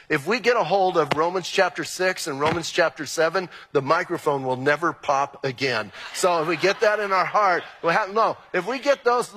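A pastor preaching a sermon with animated, emphatic delivery and exclamations. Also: male voice, high-pitched, slightly rough, long reverb tail. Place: church sanctuary.

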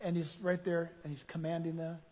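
A male pastor preaching a sermon in an animated, conversational way, full of rhetorical questions. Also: on the high side, fairly quick, husky. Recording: long hall reverb.

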